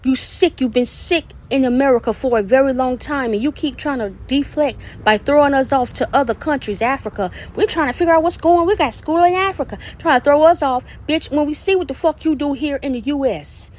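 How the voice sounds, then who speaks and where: High-voiced, profane woman ranting. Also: brisk, few pauses, a little mellow. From South Carolina. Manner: profane, confrontational, insulting. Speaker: podcast host. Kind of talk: angry solo podcast rant.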